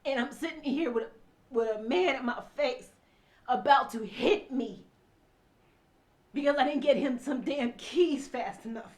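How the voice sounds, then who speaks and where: A high-pitched woman tells her own story in tears. She swings between near-whispers and loud, forceful outbursts, and her voice stays raw and impassioned throughout. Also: a little slow, pauses often. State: crying. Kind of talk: emotional personal testimony.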